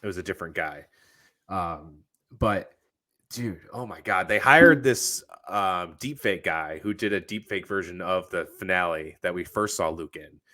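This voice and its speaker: Man, podcast co-host, low voice, excitable, profane, casual chat. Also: measured pace. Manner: excitable, swears a lot, acts out characters' lines.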